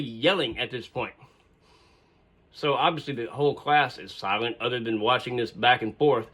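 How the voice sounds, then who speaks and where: A man's voice: medium pitch, moderate pace, a bit bright. A man casually telling a personal story, rambling and digressive with frequent fillers.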